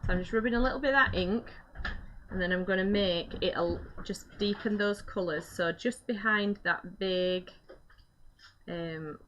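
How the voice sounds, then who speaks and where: A woman's voice: mid-range voice, moderate pace, a bit bright, highs cut off, a little hiss or hum. A woman, chattily explaining each step of a live craft demonstration as she works.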